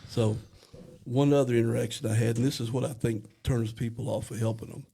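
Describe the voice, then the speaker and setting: A man's voice: medium pitch, steady tone, fairly quick, gravelly, warm tone, breathy edge. A man on a podcast telling a plain-spoken story step by step in casual talk. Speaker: podcast co-host.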